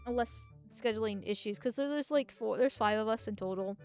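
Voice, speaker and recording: A woman's voice: on the high side, darkish tone, faint music behind. A woman streaming gameplay as a vtuber, rambling and often restarting, then erupting into profane rants at the game. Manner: ranting, profane, quick to anger. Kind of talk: live gameplay commentary.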